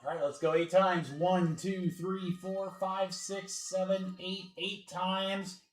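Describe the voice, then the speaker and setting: This card break host keeps the livestream chat casual, announcing names and teams as the break goes on. He has a high voice with little pitch movement and takes things slowly. The room echoes, and faint background music can be heard.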